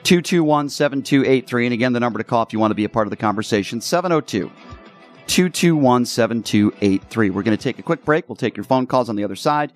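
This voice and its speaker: A man's voice: medium pitch, fast, soft background music. A man hosting a talk radio show, argumentative and emphatic in his commentary.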